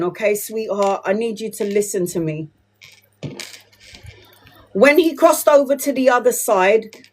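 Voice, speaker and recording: A woman giving a live tarot reading, blunt and emotional, swearing freely and calling viewers "my love" and "sweetheart". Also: a little high. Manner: addresses viewers with endearments. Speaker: tarot reader.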